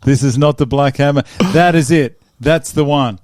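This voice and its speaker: A man's voice: mid-range voice, moderate pace, a little mellow, no room sound, studio quality. A man hosting a casual interview, joking and laughing often. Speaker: podcast host.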